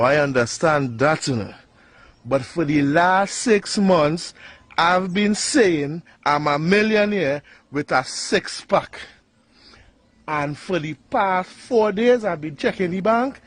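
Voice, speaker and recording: A man's voice: high voice, slow pace, no echo. A man giving a wry, mock-puzzled comic monologue in a played clip. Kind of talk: comic social-media monologue.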